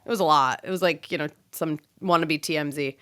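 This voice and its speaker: A woman's voice: sits low, brisk, smooth, no echo, studio quality. A woman comedian, a podcast guest, telling stories in casual chat and acting out what people said. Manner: animated storyteller, acts out quotes.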